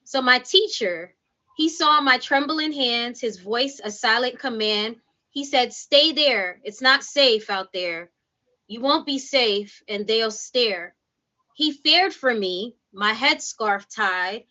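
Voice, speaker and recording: A woman in her forties reading spoken word poetry on a livestream, soft-spoken and measured. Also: a little high. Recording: dull lo-fi livestream audio.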